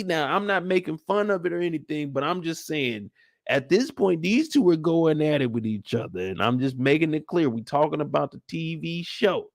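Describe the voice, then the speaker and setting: A young man recapping a TV show in loose, slangy talk, acting out the scenes as he goes. His voice is gravelly and lively, jumping around a lot in pitch. The sound is close and dry. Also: no echo. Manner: animated, slangy, acts out scenes. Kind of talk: casual TV recap commentary.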